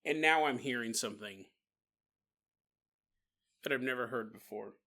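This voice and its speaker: A man's voice: medium pitch, normal speed, pushed and bright, voice pushed down. A man voicing an ordinary, squeamish grown man who mutters to himself in exasperation, within a told story. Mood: uneasy.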